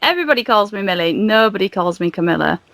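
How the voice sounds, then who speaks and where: A woman's voice: mid-range voice, animated, quick pace, gravelly, fairly bright tone, no room sound. A woman guesting on a comedy podcast, giggly and self-deprecating as she chats. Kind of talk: casual comedy chat.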